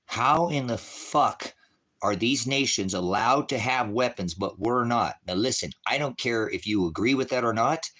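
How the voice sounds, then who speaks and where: Middle-aged man, livestream preacher type, bright forceful delivery, profane and combative with chat. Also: mid-range voice, normal speed. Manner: profane, shouting at chat viewers. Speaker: livestream ministry host. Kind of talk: angry livestream rant.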